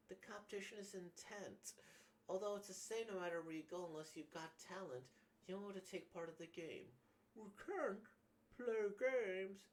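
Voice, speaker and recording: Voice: mid-range voice, slight background noise, natural voice. A performer voicing a feisty teen girl baseball player who talks bluntly and defiantly. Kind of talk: manga dub reading.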